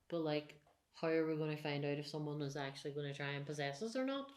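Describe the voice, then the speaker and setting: A woman on a ghost hunt, talking in a hushed, nervous way in an old castle room at night. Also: sits low, brisk. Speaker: paranormal investigator. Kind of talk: casual ghost-hunt chat.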